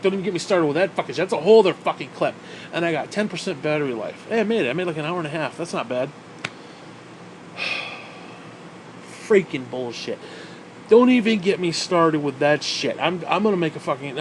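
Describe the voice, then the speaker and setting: A man's voice: a little high, a little hiss or hum. A man delivering an angry, profanity-laden rant to camera, sarcastic and swearing constantly. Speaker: vlogger. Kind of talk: profane ranting monologue.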